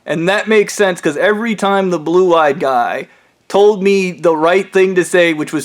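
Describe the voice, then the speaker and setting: A man's voice: on the high side, measured pace. A man telling a rambling, profane story in a casual monologue. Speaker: vlogger.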